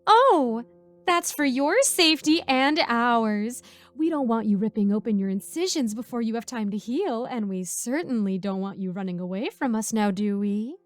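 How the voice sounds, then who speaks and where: A woman's voice: fairly high pitch, lively intonation, normal speed, close to an everyday voice. A woman voicing a creepy, falsely sweet female caretaker in a sing-song, motherly voice.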